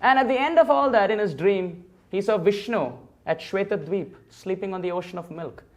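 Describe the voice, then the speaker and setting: In a temple hall, a man with a high-sitting voice delivers a sermon at a moderate pace. He recounts a sacred story and acts out its figures' dialogue.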